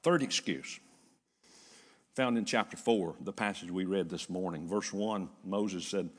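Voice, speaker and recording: An older man preaching a sermon as pastor, retelling a story with lively repetition. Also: deep voice, unhurried, in a large hall. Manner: animated storytelling with repeated phrases. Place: church.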